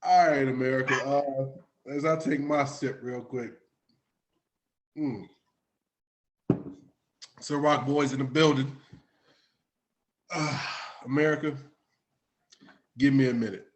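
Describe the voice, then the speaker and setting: A man's voice: mid-range voice, fairly even intonation, slow pace, pauses often. A man in his late thirties from Florida, hosting a podcast in casual chat, talking loosely and profanely while a bit intoxicated. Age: late 30s. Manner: loose, profane, slightly tipsy talk. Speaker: podcast host.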